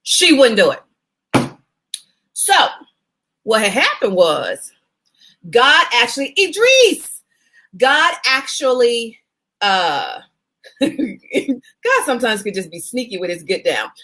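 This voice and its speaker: Lively, bright-voiced woman media coach. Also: on the high side, slow, long pauses. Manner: chatty, animated, greets viewers by name. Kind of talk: casual live video chat. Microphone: phone.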